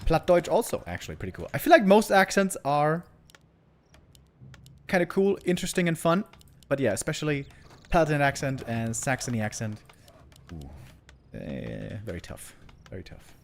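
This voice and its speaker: His voice is slightly high and gravelly, with a moderate pace. He's an esports caster from Germany running a live strategy game stream, keeping up animated, playful back-and-forth with viewers and occasionally bursting out loudly.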